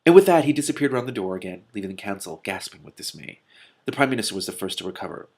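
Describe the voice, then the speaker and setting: A man reading a children's novel aloud, breaking off for excited, gushing asides. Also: lowish voice, quick pace, gravelly, a little hiss or hum. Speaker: reader.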